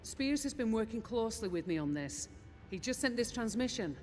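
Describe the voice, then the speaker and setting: A woman's voice: a little high, animated, fairly quick, a little mellow, close to an everyday voice. An actress playing a determined female ship officer briefing her commander in a game. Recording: game audio with long reverb.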